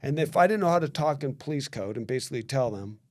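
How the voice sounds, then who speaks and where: Animated storytelling man in casual chat. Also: medium pitch. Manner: animated storyteller who acts out quoted dialogue; quick, repetitive restarts.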